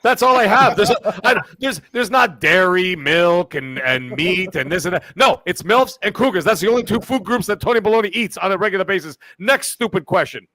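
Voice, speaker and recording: A man putting on a crude, brash loudmouth character, ranting and boasting in an improvised comedy bit. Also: high-pitched, expressive, brisk, hardly any pauses, dry recording.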